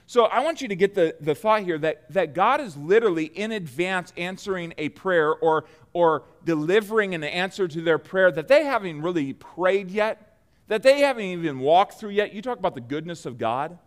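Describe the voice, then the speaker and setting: A man with a notably high voice delivers a sermon to a congregation. He speaks earnestly, slowing down to lean on each line of scripture and stumbling into restarts as he explains it. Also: lively intonation. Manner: earnest, slows down to stress scripture, frequent restarts. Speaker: preacher.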